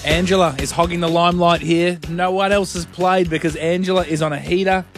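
Australian man hosting radio, quick teasing banter, voice sits a touch high, music under. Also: fairly even intonation. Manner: joking, teasing callers. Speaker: radio host.

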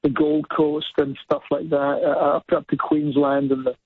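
A man's voice: a little high, level tone, moderate pace, breathy edge, no echo. A man guesting in a casual interview, rambling with lots of fillers and restarts. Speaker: musician guest. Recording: tinny phone line.

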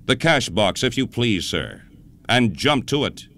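A man's voice: medium pitch, sing-song, unhurried, bright, forceful tone, a little hiss or hum, heavily acted. A male narrator voicing an imperious, swindling older army captain who snaps curt commands.

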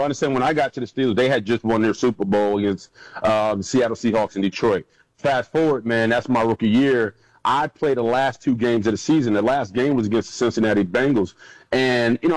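A man in his thirties, a former football player, telling lively stories as an interview guest and acting out what others said. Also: mid-range voice, no echo, poor audio. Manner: animated storyteller who acts out quotes in a raised voice. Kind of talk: casual storytelling interview.

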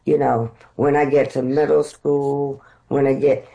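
A middle-aged woman from the United States, an actress being interviewed, telling lively stories and laughing often. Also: a bass voice, unhurried, vocal fry, rough recording. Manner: animated storyteller, laughs often. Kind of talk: conversational interview storytelling.

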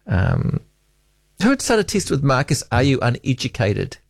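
A man's voice: medium pitch, huge pitch swings, moderate pace, gravelly, dry recording, clean studio sound. A man hosting talkback radio, chatting casually and reading out listener texts, often trailing off with hesitant ums.

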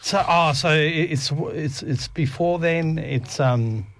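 A man's voice: on the high side, takes it slowly, a bit bright. A man as a radio guest, talking in a hesitant way and stammering on the first words of his sentences. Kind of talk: casual chat.

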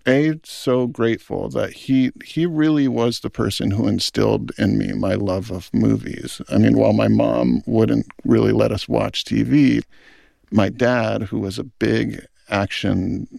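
A man's voice: on the low side, steady tone, measured pace, creaky, mellow, dry recording, clean studio sound. A middle-aged man, a film director, speaking in an earnest, thoughtful interview. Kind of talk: reflective interview talk.

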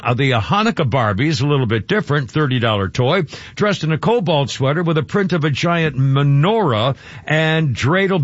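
A man hosting a radio talk show, his voice a bit high and dry, with no room around it. He reads a story and throws in sarcastic, indignant remarks. The broadcast sound is a little dull and lo-fi. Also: a bit bright, no echo.

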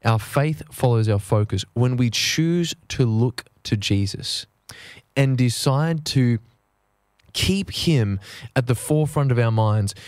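A man preaching a sermon in an earnest way, slowing down to stress key phrases. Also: mid-range voice, darkish tone, no room sound, clean studio sound.

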